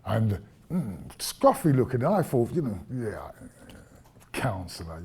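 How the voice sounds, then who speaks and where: A man's voice: mid-range voice, very animated, slow pace, a little mellow, a little hiss or hum. A man giving a public lecture, telling stories from his past in a conversational way, with asides to the audience. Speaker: guest lecturer.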